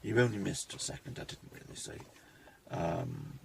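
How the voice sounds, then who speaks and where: A man, talking reflectively to his phone camera in a rambling personal vlog, pausing and restarting often. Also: deep voice, gravelly, a little hiss or hum. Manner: reflective, halting, with many restarts. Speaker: vlogger.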